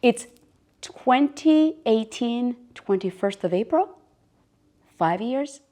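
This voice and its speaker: A woman's voice: fairly high pitch, lively intonation, takes it slowly, mellow. A middle-aged woman, a podcast guest speaking earnestly about her life. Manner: earnest, heartfelt storytelling. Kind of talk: casual chat.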